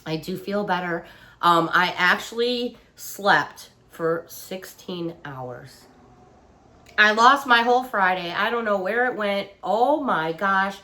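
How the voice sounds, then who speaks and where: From her living room couch, a woman shows off a shopping haul in a casual, chatty way, gushing with exclamations while still recovering from feeling under the weather. Her mid-range voice is animated and sharp in tone, and she takes it slowly.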